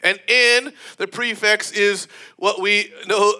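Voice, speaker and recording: A man preaching a sermon in an animated, emphatic way, often breaking into laughter. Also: high-pitched, slow.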